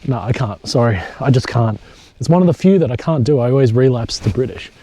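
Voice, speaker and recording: A man's voice: mid-range voice, expressive, fairly quick, dark tone, no echo. Joking man vlogging from the bush. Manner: chatty, joking, swears casually. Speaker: hiking vlogger. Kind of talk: casual solo vlog to camera. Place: outdoors in bush at a campsite.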